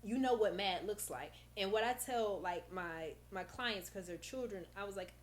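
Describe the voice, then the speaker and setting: A woman's voice: medium pitch, moderate pace, hardly any pauses. A woman therapist speaks in a casual podcast chat, her voice rising and falling as she acts out talks with her young clients. She often breaks into laughter. A faint hum sits under the recording. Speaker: therapist guest.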